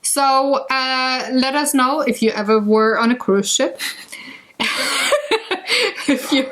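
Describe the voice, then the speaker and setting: A woman co-hosting a board game vlog, chatting casually and giggling, playfully exasperated. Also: fairly high pitch. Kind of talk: casual chat.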